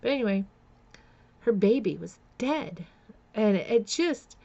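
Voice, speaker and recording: Woman with a gravelly fry in her voice, stop-start storytelling, muffled lo-fi sound. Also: mid-range voice, animated, a little mellow. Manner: halting, with many fillers and restarts; emotional, close to tears at times. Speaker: vlogger. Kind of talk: personal storytelling.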